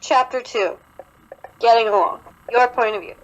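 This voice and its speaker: A woman's voice: on the high side, moderate pace, highs cut off. A young woman co-hosting a podcast, reading fan fiction aloud with a sarcastic, giggly, mock-dramatic delivery. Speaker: podcast co-host.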